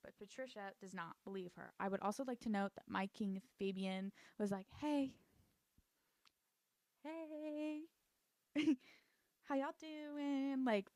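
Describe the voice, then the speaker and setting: A woman's voice: mid-range voice, a little mellow, no room sound. A woman chatting casually and sarcastically as she recaps a TV show, full of "like" asides. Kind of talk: casual commentary.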